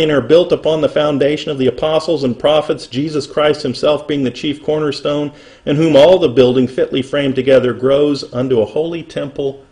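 A middle-aged man preaching a sermon, reading scripture slowly and building emphasis as he goes. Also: mid-range voice, darkish tone. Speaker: pastor.

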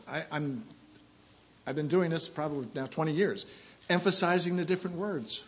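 A man preaching a sermon, repeating key phrases and swinging from quiet asides to loud, emphatic scripture reading. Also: a little high, moderate pace, highs cut off.

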